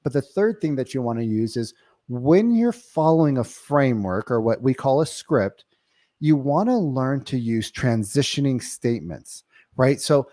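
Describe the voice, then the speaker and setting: A man's voice: mid-range voice, lively intonation, moderate pace, mellow, no echo, studio quality. A man giving an emphatic sales coaching talk, often checking in with the listener. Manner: emphatic, keeps checking in with "right?". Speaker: real estate sales trainer. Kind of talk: coaching monologue.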